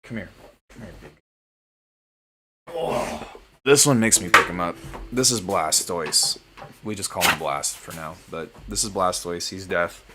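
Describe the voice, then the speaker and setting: A man hosting a live stream from home as a music producer, chatting casually in a relaxed, joking way. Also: sits low, measured pace, pauses often, heavy background noise. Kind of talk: casual livestream chat.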